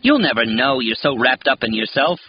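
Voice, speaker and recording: A man voicing a desperate, volatile young woman in an audiobook, raising his voice into a higher, emotional register. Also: expressive, normal speed, slightly rough. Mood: defiant. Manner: raised, emotional delivery in higher voice. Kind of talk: audiobook character voice. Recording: dull, lo-fi with faint hiss.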